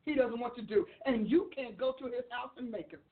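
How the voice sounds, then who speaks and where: A woman preaching a sermon in an excitable, animated way, laughing often and acting out the voices she quotes. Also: fairly high pitch, a little fast, phone-quality sound. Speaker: preacher and author. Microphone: livestream.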